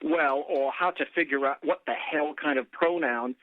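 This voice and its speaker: Radio co-host guy on a tinny phone line, a bit high, sarcastic and wordy. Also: normal speed, no echo. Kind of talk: casual political talk radio.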